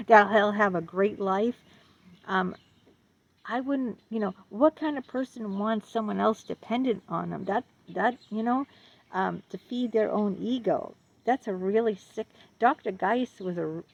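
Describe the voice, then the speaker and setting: A woman speaks earnestly about her own experience, often repeating words and asking the listener questions. Her voice has a gravelly edge, and the recording sounds dull and lo-fi. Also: mid-range voice. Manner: laughs nervously between phrases. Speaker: vlogger sharing her experience. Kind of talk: personal testimony to camera. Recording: dull lo-fi audio.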